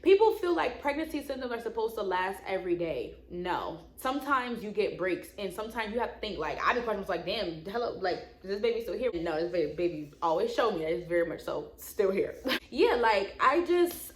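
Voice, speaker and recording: A young woman talks casually to her viewers in a middle-pitched voice, full of slang and easy laughs. The sound bounces around a bare room with a noticeable echo. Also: a bit bright. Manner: chatty, slangy, laughs often. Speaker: vlogger. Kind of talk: casual vlog chat.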